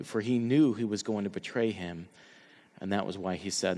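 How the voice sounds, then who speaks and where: A man preaching a passionate sermon as pastor, dropping to hushed tones for quoted words. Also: on the low side, normal speed, in a large hall.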